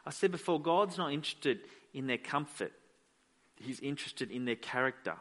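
A man's voice: mid-range voice, animated, normal speed, a bit bright. A man preaching a sermon as pastor, emphatic and repeating phrases for weight.

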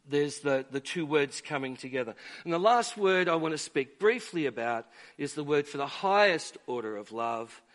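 Slow, high-voiced male preacher. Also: a bit bright. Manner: measured, emphatic preaching with pauses. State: dry throat. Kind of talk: sermon. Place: church.

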